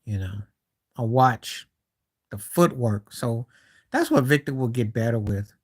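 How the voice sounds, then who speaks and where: A man hosts a live stream, chatting casually about basketball in an expressive, unhurried voice with medium pitch and a darkish tone. His talk is loose and conversational, trailing off, starting over, and dropping incredulous asides.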